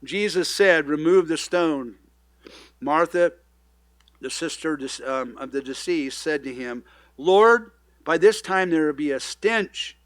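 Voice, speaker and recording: A middle-aged man who pastors a church, preaching in a loose, conversational way, now loud and now hushed. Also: on the high side, no echo, clean studio sound. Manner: conversational, animated preaching with sudden swings in loudness. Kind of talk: sermon.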